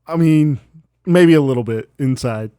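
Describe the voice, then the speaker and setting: A man's voice: fairly high pitch, normal speed, dark tone, clear, resonant tone, no room sound, studio quality. A man co-hosting a podcast in casual chat, blunt and teasing, swearing and laughing often. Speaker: podcast co-host.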